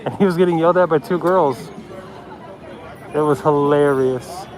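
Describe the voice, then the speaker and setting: Filming a street protest on a handheld phone, a man from the Pacific Northwest gives rambling, chatty live-stream commentary at a moderate pace. He often drops to a low voice while loud crowd noise surrounds him outdoors on the city street.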